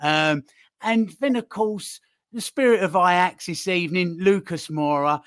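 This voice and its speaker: Male quizmaster, a bit high, teasing and suspense-building, dry close sound. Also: a little slow, fairly bright tone, no room sound. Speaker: quizmaster on a football fan show. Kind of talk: playful live-stream quiz hosting.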